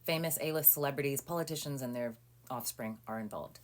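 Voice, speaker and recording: A woman telling a personal story in a casual, chatty monologue, full of fillers and acted-out quotes. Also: a little fast. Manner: animated, acting out quoted people with rising pitch and volume; chatty with frequent "um" and "like". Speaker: storyteller recounting a personal legal ordeal.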